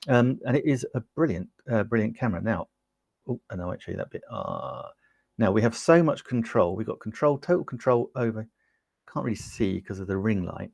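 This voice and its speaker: An upbeat Englishman talks through a camera demo on his livestream, peppering it with ums as he chats to viewers. His voice sits fairly low. The sound is close and dry, from a lapel mic in a small home studio. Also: expressive, brisk, vocal fry, darkish tone, dry recording. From United Kingdom. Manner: chatty and upbeat, with frequent ums, talking to viewers in the chat. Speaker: livestream host demonstrating gear. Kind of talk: casual product demo on a livestream.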